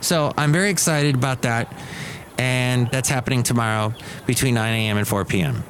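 A man's voice: mid-range voice, fairly quick, a bit bright, slight background noise. Rambling, jokey man hosting a podcast. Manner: rambling, self-mocking, jokey. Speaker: podcast host. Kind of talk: casual solo podcast chat.

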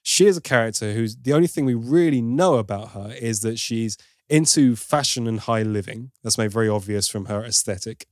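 A man's voice: lowish voice, brisk, a little mellow, no echo, studio quality. A man giving an opinionated, casual film review as host, now and then mimicking for laughs. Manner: opinionated, playful mimicry of accents.

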